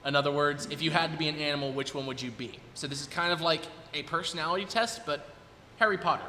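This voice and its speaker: A performer in his twenties chats quickly and casually with his recital audience, thinking as he speaks. His fairly high, sharp voice echoes with long hall reverb, and faint noise sits underneath.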